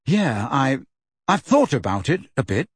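A man reading the part of a wary, grumpy teenage boy wizard who answers reluctantly and haltingly. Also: medium pitch, big pitch swings, slightly rough, dry recording, studio quality. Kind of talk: audiobook character voice.

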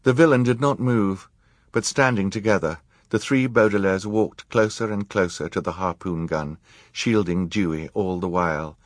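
Husky-voiced male audiobook narrator. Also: low-pitched, moderate pace, no room sound, studio quality. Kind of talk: scripted narration.

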